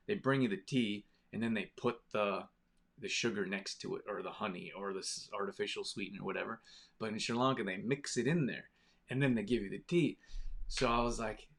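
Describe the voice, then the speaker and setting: A man with a medium-pitched voice, speaking at normal speed, hosts a live stream. He reads viewer comments, chats casually with his audience and tells a rambling story.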